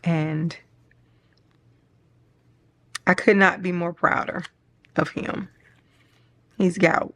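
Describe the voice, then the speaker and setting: A woman's voice: sits low, slow pace, pauses often, fairly bright tone. A middle-aged woman chatting casually and rambling while she decorates her planner, laughing often and getting choked up. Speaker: planner vlogger.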